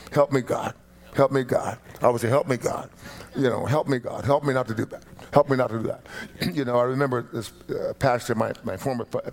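A middle-aged man preaching a sermon as pastor in a church, building to emphatic bursts of emphasis. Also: medium pitch. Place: church sanctuary.

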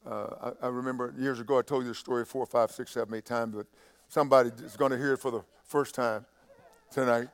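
A man preaching a sermon, halting and repeating himself in quieter stretches, building to loud, impassioned preaching. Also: medium pitch, fairly even intonation. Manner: halting, with many restarts and fillers.

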